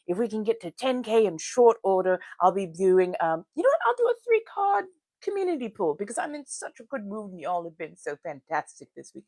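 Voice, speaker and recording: A woman's voice: a little high, very animated, normal speed, no echo, studio quality. A woman from the United States, hosting a casual livestream, chatting and greeting viewers by name while she does her makeup. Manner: chatty, greets viewers warmly, frequent laughs. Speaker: livestream host.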